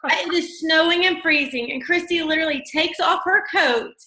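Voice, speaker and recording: A woman's voice: very high-pitched, normal speed, bright, forceful tone, roomy sound, low-quality recording. A woman with a Southern US accent hosting a team video call, gushing and effusive. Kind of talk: emotional casual chat on a video call.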